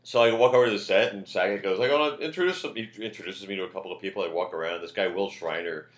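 An older man, a comedian guest, telling animated anecdotes in casual chat and loudly acting out quoted lines. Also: sits low, fast, echoey room.

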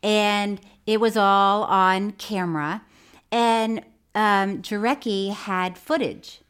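A woman's voice: steady tone, slow pace, fairly bright tone, smooth. A woman co-hosting a podcast, casually recapping a crime documentary with a teasing, playful manner and frequent laughter. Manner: teasing, playful, laughs often, drops to a low mutter for asides. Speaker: podcast co-host.

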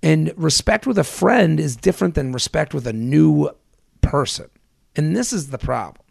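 Male comedy podcast host, gravelly, animated storyteller, dry sound. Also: fairly high pitch, moderate pace, no room sound. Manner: animated storytelling, swearing, acting out quotes. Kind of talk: casual comedic chat.

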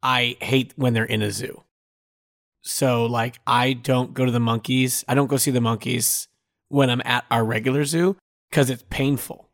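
A man's voice: medium pitch, little pitch movement, moderate pace. A man co-hosting a casual comedy podcast, rambling through jokey, confidently wrong guesses. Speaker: podcast co-host.

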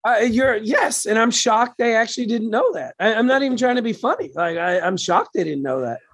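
A man speaks as an interview guest, with a husky, slightly breathy voice. He explains his ideas thoughtfully and stumbles over a few words as he goes. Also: very high voice, animated, brisk, a bit bright. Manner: thoughtful, explanatory, some stammering. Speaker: guest producer. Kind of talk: casual interview chat.

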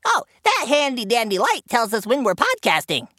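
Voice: mid-range voice, wildly swooping pitch, moderate pace, bright, forceful tone, no echo, clean studio sound, exaggerated voice. A voice actor playing a goofy, cheerful male cucumber who co-hosts a cartoon podcast, teasing and joking. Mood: playful. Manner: jokey, teasing, giggly. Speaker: co-host.

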